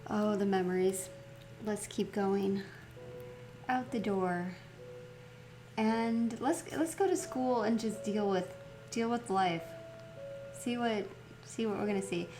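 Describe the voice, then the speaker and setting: A woman chatting casually as she plays through a story game, reflective and quick to laugh. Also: mid-range voice, over music. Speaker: let's play host.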